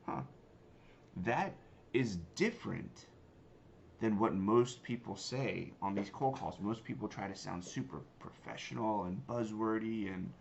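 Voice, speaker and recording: A man's voice: fairly low pitch, gravelly. A man teaching cold calling in a casual, emphatic, conversational way. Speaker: sales trainer and company founder. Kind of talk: instructional talk with demo lines. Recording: slightly dull lo-fi sound, faint noise.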